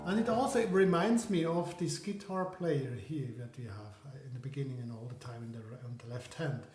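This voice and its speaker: A man's voice: mid-range voice, fairly quick, darkish tone. Reflective man teaching piano, echoey room. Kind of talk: piano lesson explanation.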